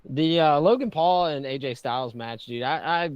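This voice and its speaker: A man's voice: on the high side, normal speed, smooth, dry recording, lo-fi sound. A man co-hosting a podcast in casual chat, hesitant, restarting sentences and often saying dude and you know. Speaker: podcast co-host.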